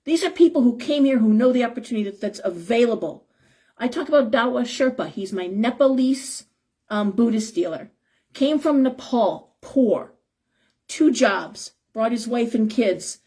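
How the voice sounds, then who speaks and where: A middle-aged woman with a slightly high voice reads tarot on a live stream. She talks in an emphatic, heated, rambling way, piling one point onto the next. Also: lively intonation, moderate pace, dark tone, slightly rough. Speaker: tarot reader and shop owner.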